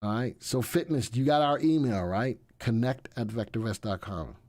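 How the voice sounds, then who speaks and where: A man's voice: mid-range voice, normal speed, a little mellow. Chatty, joking male stream host. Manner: joking, rambling, chatty asides to crew. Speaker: host of a live stock market show. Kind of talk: casual live-stream chat.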